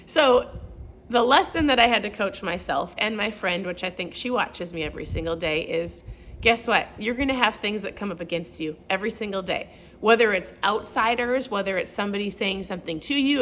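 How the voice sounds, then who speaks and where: Animated woman telling a story at home. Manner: animated storytelling, acts out quotes with big pitch jumps; laughs often, self-deprecating. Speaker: lifestyle vlogger. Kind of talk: casual motivational talk to camera.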